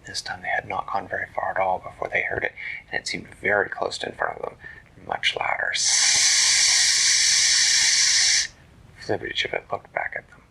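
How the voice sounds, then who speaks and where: A man narrating a bedtime story in a hushed, slow, gentle whisper. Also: deep voice, huge pitch swings, gravelly, breathy edge, poor audio.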